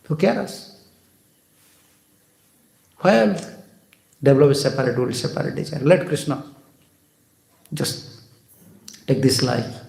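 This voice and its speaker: A man's voice: mid-range voice, animated, slow pace, gravelly, long pauses, a little mellow, reverberant. A man giving a devotional sermon as a swami, emphatic, repeating phrases and asking rhetorical questions. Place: temple hall.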